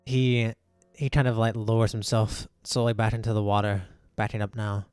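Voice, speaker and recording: Male game master, easygoing and hesitant, mid pitch, dry mic. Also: flat delivery, a little mellow, clear, resonant tone, dry recording, faint music behind. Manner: casual, halting with fillers. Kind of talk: narrating a tabletop game.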